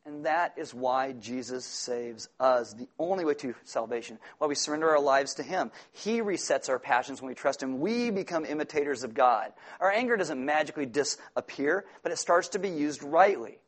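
A man preaching a sermon, earnest and emphatic, with sudden loud bursts when he tells a story. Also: a little high, lively intonation, moderate pace, few pauses. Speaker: pastor.

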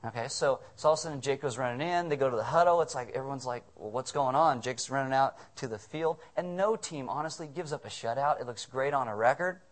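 A man preaching a sermon, telling stories with animated delivery and chuckling asides. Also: medium pitch, fast, hardly any pauses. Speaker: pastor.

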